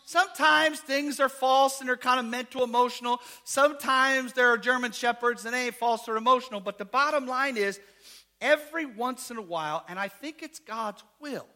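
A male pastor preaching a sermon, shouting out lines, calling for amens, and telling stories in folksy slang. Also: very high-pitched, moderate pace.

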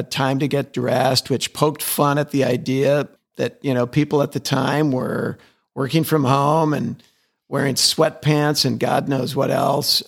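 Gravelly-voiced man telling stories. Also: medium pitch. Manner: enthusiastic storyteller, repeats words as he restarts, chuckles. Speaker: interview guest, advertising executive. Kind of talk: conversational interview.

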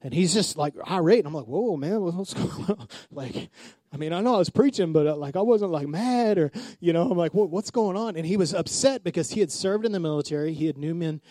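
A male pastor, around his forties, preaches in a lively storytelling way, voicing the people in his anecdotes and calling on the congregation to answer back. His voice sits high for a man. The sound is dry, with almost no room echo. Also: fast talker. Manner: storytelling with acted-out quotes, call-and-response. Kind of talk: sermon.

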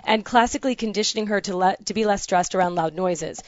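A woman's voice: mid-range voice, fast, lo-fi sound. Chatty woman reading listener letters. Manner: reads letters aloud with chatty asides. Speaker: podcast co-host reading listener questions. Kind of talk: casual podcast chat.

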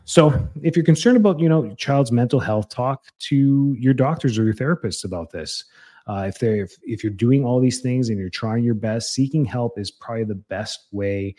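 A man's voice: mid-range voice, normal speed, mellow. A man in his thirties, a chiropractor hosting a show, giving casual parenting advice with fillers and restarts, acting out little parent and child lines. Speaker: chiropractor and podcast host.

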